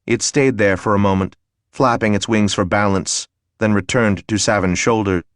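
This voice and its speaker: A male narrator reads a fantasy novel in a steady, measured way. His voice is low, and the recording is dry and close with no room sound. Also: dry recording. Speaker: audiobook narrator. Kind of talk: scripted narration.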